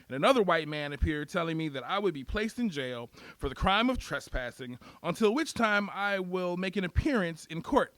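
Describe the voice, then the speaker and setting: A young man telling a profane, wry first-person story in a deadpan way. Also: sits high, clear, resonant tone, dry recording. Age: young adult.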